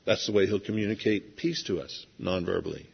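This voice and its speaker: Husky-voiced preacher in a reverberant hall. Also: male voice, fairly low pitch, steady tone, fairly quick. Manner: conversational storytelling, acts out scenes. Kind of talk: sermon. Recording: dull lo-fi sound with long hall reverb.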